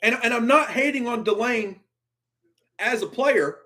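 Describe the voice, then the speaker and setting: A man reacting live to a football draft in an exasperated, ranting way, swinging between low muttering and sudden outbursts. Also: measured pace, pushed and bright.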